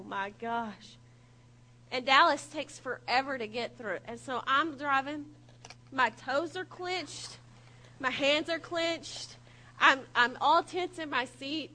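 Bright, high-voiced woman telling stories. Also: poor audio. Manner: animated, laughing, self-mocking storyteller. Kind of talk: humorous sermon storytelling.

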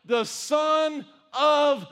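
A man's voice: a little high, animated, moderate pace, a bit bright, in a large hall. A man voicing a hot-tempered ancient king who barks orders in a sermon retelling. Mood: astonished. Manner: commanding, barking orders. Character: furious tyrant king, male, hot-tempered.

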